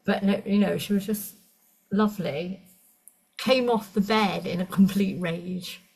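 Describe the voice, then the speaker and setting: A woman's voice: mid-range voice, fairly even intonation, vocal fry, a little mellow, slightly rough, poor audio. A woman, an energy medicine practitioner chatting with a client and telling stories in a rambling way. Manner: chatty storytelling, restarts, quick asides. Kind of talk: casual conversation with a client.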